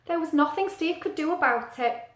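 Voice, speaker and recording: A middle-aged woman teacher reading a picture book aloud to children, gentle and animated, asking the listener questions. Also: high-pitched, normal speed. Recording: echoey room.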